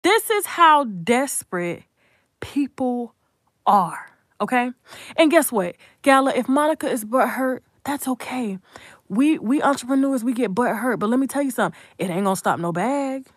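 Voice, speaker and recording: A woman giving heated, profane live commentary, hammering points with repetition and shifting between hushed asides and loud outbursts. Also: lively intonation, normal speed, dry recording, clean studio sound. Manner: rises into high, loud outbursts; drops to hushed, whispered asides.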